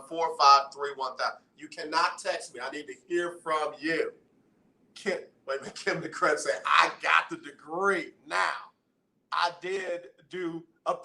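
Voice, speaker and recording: A man hosts a call-in radio show from the studio, bantering and teasing his listeners. His voice sits a little high and sounds bright and forceful. The studio adds a roomy echo. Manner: animated, banters with listeners and callers. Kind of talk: casual radio talk.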